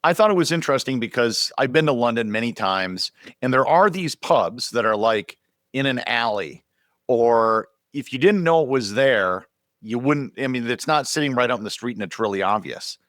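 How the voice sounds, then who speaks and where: A man hosting a podcast, asking questions in a relaxed, conversational way with some hesitations. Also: medium pitch, normal speed, no echo, studio quality. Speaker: podcast host. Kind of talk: casual interview chat.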